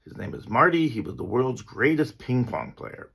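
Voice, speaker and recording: A man's voice: mid-range voice, sing-song, moderate pace, gravelly, a bit bright, breathy edge, voice pushed up, heavily acted. A man doing a brash, boastful old-school comic. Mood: salesy.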